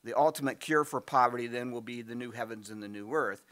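A middle-aged man preaching a sermon in a conversational, storytelling way, full of fillers and restarts, his voice getting hoarse. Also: mid-range voice, fast, fairly bright tone. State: losing his voice, clearing throat. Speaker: pastor.

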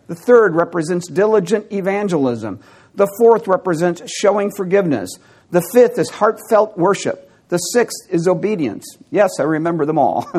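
A man preaching a teaching sermon, with wry asides and bursts of amusement. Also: sits high. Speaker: pastor.

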